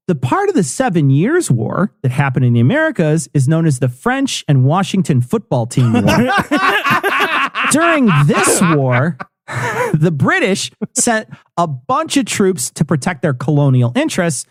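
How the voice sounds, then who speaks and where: A man's voice: a little high, wildly swooping pitch, a little slow, husky, dry recording, studio quality. A man co-hosting a comedy history podcast, explaining events with jokes and frequent laughs. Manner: joking, laughs often. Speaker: podcast co-host.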